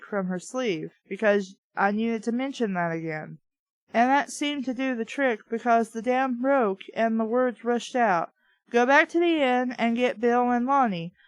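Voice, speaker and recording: Woman reading a book out loud, sarcastic asides, higher voice, dry mic. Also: dry recording. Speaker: book reader and critic.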